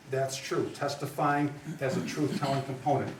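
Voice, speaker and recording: In an echoey room, recorded from afar with a little noise, a man instructs lawyers on trial skills during a live lecture. He's conversational and emphatic, tossing in "right?" and "okay?", and his mid-range voice keeps a normal speed with barely any pauses.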